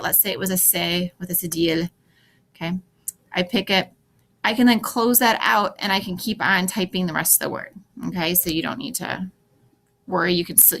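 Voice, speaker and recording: A woman's voice: on the low side, a bit bright, a little hiss or hum. Woman teacher walking students through a site. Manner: encouraging, practical, talks students through clicks step by step. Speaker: French teacher. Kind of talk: screen-recorded class tutorial.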